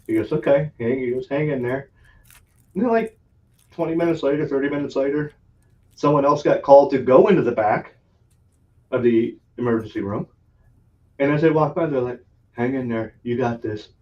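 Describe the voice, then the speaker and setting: A podcast host with a darkish, mid-range voice talks at a moderate pace, leaving long pauses. His casual chat is a long, rambling story, broken up by frequent laughs and plenty of swearing, captured in distant, dull lo-fi sound.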